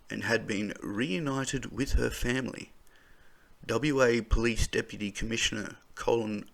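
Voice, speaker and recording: A man's voice: mid-range voice, vocal fry. Swearing Australian man ranting over the news. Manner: swearing, angry outbursts between read lines. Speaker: vlogger reading the news. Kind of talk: casual reading with commentary.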